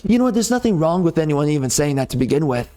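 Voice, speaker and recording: A man's voice: a little high, very animated, fast talker, warm tone, faint music behind. A man from the United States delivering an angry, sarcastic monologue rant on a gaming channel, indignant and emphatic. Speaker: gaming video host.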